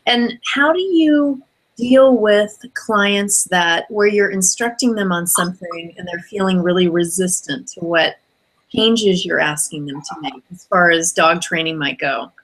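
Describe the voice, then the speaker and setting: A woman's voice: fairly low pitch, measured pace, fairly bright tone, rough recording. A woman hosting an interview, asking questions and giving encouraging replies. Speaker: podcast host, interviewer.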